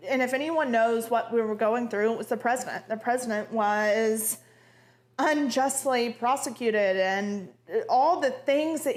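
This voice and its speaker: A woman telling her own news in an excited, gushing, breathless way. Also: fairly high pitch. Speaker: daughter speaking out. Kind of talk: emotional personal address.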